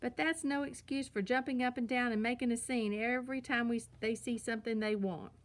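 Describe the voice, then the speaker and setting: A woman voicing a firm, sensible mother bear who scolds in measured tones in a storybook. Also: a little high, fairly even intonation, natural voice.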